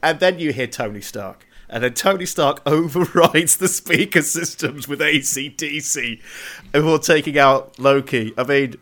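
Gushing bright-voiced man. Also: a little high, unhurried. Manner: enthusiastic, gushing, stumbles and restarts. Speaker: podcast co-host. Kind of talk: casual film chat.

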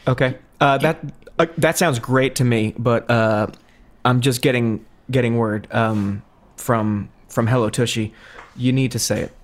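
A podcast co-host chatting casually, halting often and filling pauses with uh and um. His delivery is dry and understated, with the loose pace of friendly banter. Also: medium pitch, steady tone. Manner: hesitant, lots of filler words, dry. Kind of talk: casual comedic chat.

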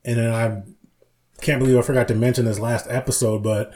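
A man's voice: mid-range voice, level tone, brisk, darkish tone. A man co-hosting a casual podcast, who retells comedy sketches with acted-out lines, laughs often and swears freely. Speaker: podcast co-host. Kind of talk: casual chat.

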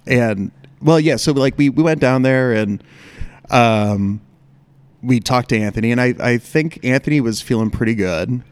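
A man's voice: medium pitch, normal speed, darkish tone, clear, resonant tone, no room sound. A man who is a guest on a podcast, talking casually about starting his brewery, friendly and full of filler words. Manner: friendly, backchannels a lot, fillers. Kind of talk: casual chat.

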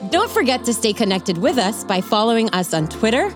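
A woman's voice: a little high, sing-song, a little fast, music in the background. A woman reading a friendly scripted outro for a podcast.

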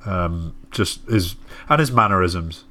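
A man's voice: low voice, lively intonation, takes it slowly, bright, forceful tone. A man hosting a podcast, chatting casually in a jokey, rambling way. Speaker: podcast host.

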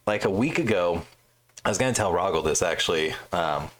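A man and Air Force veteran telling stories in casual podcast chat, profane and animated, jumping high in pitch when he quotes others. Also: fairly quick, a little hiss or hum.

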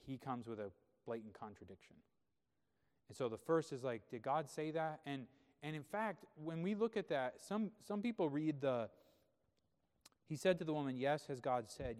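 A man's voice: medium pitch, clean tone, big-room sound. A man preaching a sermon as pastor, explaining scripture in a conversational way and often checking in with rhetorical questions.

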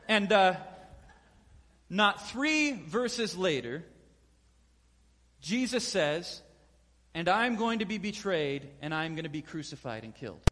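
A man preaches in a high, bright-edged voice, telling the story with lively energy and playing out each quote. His words ring with the long reverb of a large hall. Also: moderate pace. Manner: animated storyteller acting out quotes. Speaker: pastor. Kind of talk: sermon.

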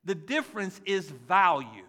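This man in his 40s is a pastor whose sermon is lively and chatty, peppered with humor about his kids. He speaks at an unhurried pace in a high-pitched voice.

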